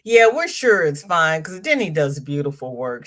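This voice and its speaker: A woman's voice: deep voice, very animated, moderate pace, a bit bright. An older woman hosting a crochet livestream, chatting casually, greeting viewers by name and repeating phrases for emphasis. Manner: chatty, reads viewer comments aloud and greets each viewer.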